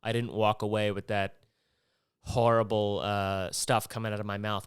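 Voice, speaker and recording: A man's voice: lowish voice, fairly quick, clean tone, no echo, studio quality. A man from Maryland hosting a casual solo podcast, rambling and profane and jumping between topics. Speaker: podcast host.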